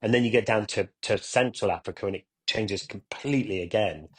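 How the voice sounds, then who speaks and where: A man guest on a podcast, a motorcycle adventurer who tells lively travel stories and acts out what people said to him. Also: on the low side, fairly quick, slightly rough. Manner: animated storyteller who acts out quoted dialogue. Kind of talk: casual podcast chat.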